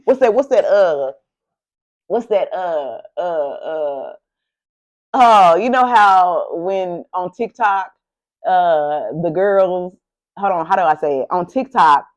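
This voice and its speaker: A woman's voice: lowish voice, lo-fi sound. A woman doing a casual tarot reading to camera, sassy and profane, talking straight to the viewer with lots of animation. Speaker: tarot reader. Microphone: camera mic, speaking to camera.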